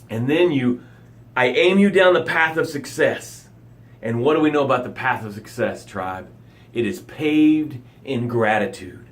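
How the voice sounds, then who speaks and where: A man hosting a motivational live broadcast, speaking directly to his listeners in short punchy phrases and swinging from loud emphasis to hushed low lines. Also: expressive, a little slow. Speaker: motivational coach and show host.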